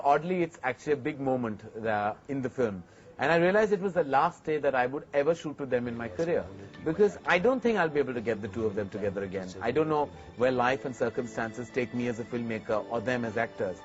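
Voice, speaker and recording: Brief: male film director fronting a TV feature, heartfelt anecdotes, muffled broadcast sound. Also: medium pitch. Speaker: filmmaker hosting a TV segment. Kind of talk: reflective to-camera talk.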